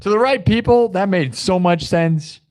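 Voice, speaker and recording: A young man hosting his own live stream in loose, rambling chat. His voice sits a little high, and his talk is full of "dude" and "like". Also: moderate pace, darkish tone. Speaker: live-stream musician host.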